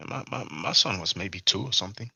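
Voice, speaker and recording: A man's voice: deep voice, a little fast, gravelly, breathy edge, no room sound. A man hosting a livestream, rambling through a personal story in casual talk, full of fillers and restarts. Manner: rambling, animated retelling with many fillers and restarts. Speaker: livestream host.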